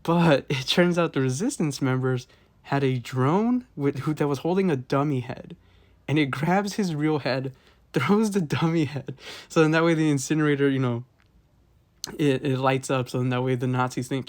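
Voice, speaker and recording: A man's voice: on the high side, normal speed, darkish tone. Rambling man chatting about games. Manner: rambling, filler-heavy, chuckling often. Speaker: gaming video host. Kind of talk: casual rambling game review.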